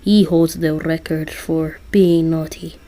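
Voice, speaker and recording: Woman doing an old fatherly Santa, lecturing, slow, fan audio story. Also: low-pitched, steady tone, pitched below the performer's own voice. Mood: scolding. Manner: lecturing, sometimes hushed. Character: jolly old man Santa, scolding and fatherly.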